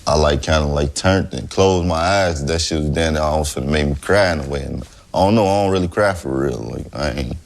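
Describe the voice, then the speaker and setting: Deep voice guy, slangy, kinda hesitant. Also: brisk, vocal fry, hardly any pauses. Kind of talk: casual interview talk.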